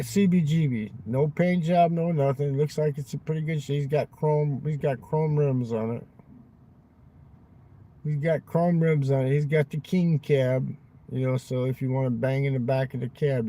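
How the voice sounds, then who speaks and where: A man's voice: medium pitch, warm tone, a little hiss or hum, rough recording. A man live-streaming from his parked car at night, rambling crudely and swearing a lot.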